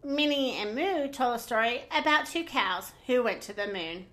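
Reading a children's picture book aloud at normal speed, a woman with a voice on the high side delivers the story with expressive, animated flair.

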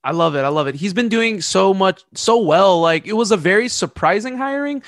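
A man hosting a casual sports podcast, excitable and repeating himself as he talks. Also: sits high, fairly quick, no echo, clean studio sound. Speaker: podcast host.

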